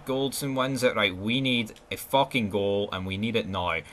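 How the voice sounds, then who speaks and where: A man with a Scottish accent giving live, foul-mouthed gameplay commentary, swinging between excited yelling and glum muttering. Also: lowish voice, moderate pace. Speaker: gaming channel host.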